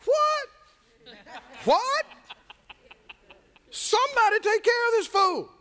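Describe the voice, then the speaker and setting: A man's voice: extremely high pitch, expressive, fairly quick, pitched above the performer's own voice. A man preacher voicing a bold, eager teenage shepherd boy who speaks up in outrage. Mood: indignant. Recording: reverberant church hall.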